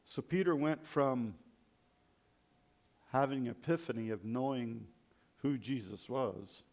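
A man's voice: medium pitch, slow, darkish tone. A man preaching a sermon and reading scripture aloud, reflecting on the passages.

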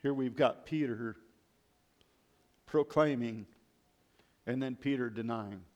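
A man's voice: mid-range voice, slow, darkish tone, muffled recording. A man preaching a sermon and reading scripture aloud, reflecting on the passages.

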